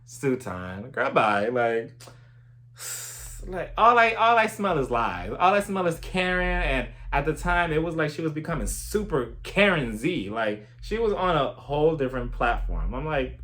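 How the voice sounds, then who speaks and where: A man's voice: mid-range voice, animated, normal speed, a bit bright. A man giving a sassy, gossipy recap of a reality TV episode in a casual vlog. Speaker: TV recap vlogger.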